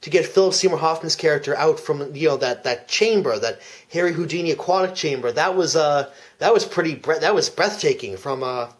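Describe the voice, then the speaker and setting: A man giving a deadpan parody commentary track, telling an absurd plot earnestly, with frequent restarts. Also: on the high side, fairly quick, hardly any pauses. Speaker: comedic fake commentary speaker.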